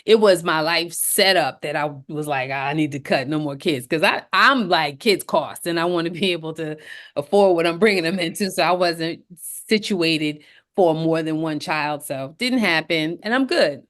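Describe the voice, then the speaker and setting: Lively woman telling a personal story. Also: normal speed. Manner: animated, acts out quoted voices with big pitch jumps. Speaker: podcast co-host. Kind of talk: casual storytelling chat.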